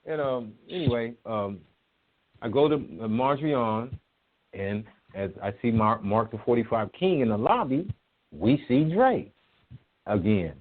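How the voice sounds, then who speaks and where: A man who is a music promoter, a guest telling old stories in a casual, profane, animated way, acting out what people said. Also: medium pitch, unhurried. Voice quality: profane, animated, acts out quotes. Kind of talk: casual storytelling interview. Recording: tinny phone line.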